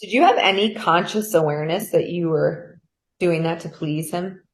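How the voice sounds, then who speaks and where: A woman interviewer with a slightly low voice, speaking softly. She asks her guest thoughtful questions and murmurs brief affirmations. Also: normal speed. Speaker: podcast host.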